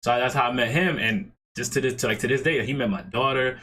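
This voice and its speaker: A man hosting a casual podcast, talking in a relaxed, encouraging, slangy way. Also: medium pitch, fast, slight background noise. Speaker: host.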